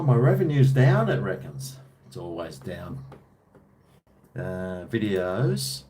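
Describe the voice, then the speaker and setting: A man's voice: lowish voice, slight background noise. A man chatting casually to camera in a rambling, laid-back way with chuckling asides. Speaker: vlogger. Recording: echoey room.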